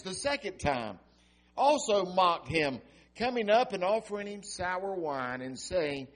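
A man preaching a sermon and reading scripture aloud, slow and dramatic, swelling loud and dropping to a hush. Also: high-pitched, big pitch swings. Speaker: pastor.

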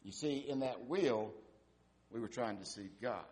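A man preaching a sermon in an easy, conversational style. He asks rhetorical questions and lets his voice fall away softly at the ends of phrases. His pitch sits in the middle range for a man. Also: moderate pace. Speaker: pastor.

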